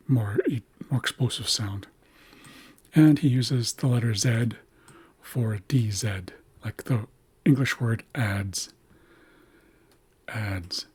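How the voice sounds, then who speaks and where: A man teaching a language's writing system, slowly explaining letters and repeating words to model their pronunciation. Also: mid-range voice, breathy edge, dry recording.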